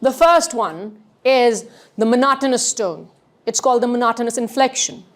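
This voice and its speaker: A woman trainer gives a lecture to a class, her voice high and swooping widely in pitch. She acts out rising and falling tones to make her point and keeps asking the students questions. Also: animated, moderate pace. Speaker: communication trainer.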